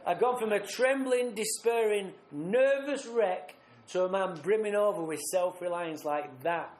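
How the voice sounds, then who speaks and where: A man speaking at a recovery retreat, telling his own story bluntly and vividly, acting out scenes with rough language. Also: sits high, a little slow, darkish tone. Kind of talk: personal recovery story told live. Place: retreat meeting room. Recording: roomy live talk recording.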